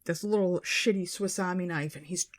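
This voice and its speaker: Female podcast co-host, casual storyteller, animated, salty language. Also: fairly low pitch, moderate pace. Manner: animated retelling, swearing, quoting people in their voices.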